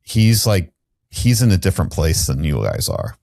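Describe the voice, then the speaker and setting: A man's voice: low-pitched, sing-song, moderate pace, vocal fry, a little mellow, no echo, studio quality. A middle-aged man, a podcast guest, telling a candid story in a rambling way with restarts and fillers.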